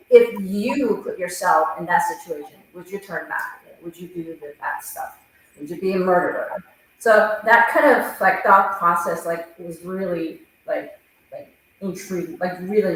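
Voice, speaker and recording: A woman's voice: medium pitch, a bit bright. A woman director talking casually about the play, saying "like" constantly. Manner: filler-heavy, saying "like" constantly. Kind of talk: interview answer. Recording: very echoey room.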